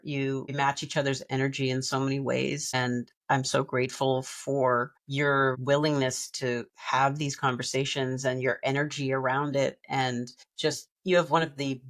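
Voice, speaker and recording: A woman co-hosting a podcast, talking in an earnest, reflective way with frequent restarts. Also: very deep voice. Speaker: podcast co-host. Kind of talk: heartfelt podcast conversation.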